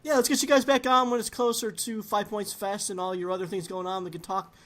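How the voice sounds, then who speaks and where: A man's voice: sits high, steady tone, a little fast, fairly bright tone. A man hosting a podcast, chatting casually and playfully, often laughing. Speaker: podcast host. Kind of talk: casual chat.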